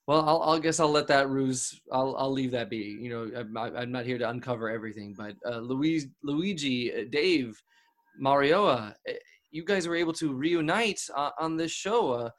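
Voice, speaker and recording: A man's voice: medium pitch, moderate pace, close to an everyday voice. A man playing a flustered, stammering TV doctor. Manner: stammering, frequent restarts. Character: flustered talk-show doctor, apologetic. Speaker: host. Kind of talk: improvised comedy podcast.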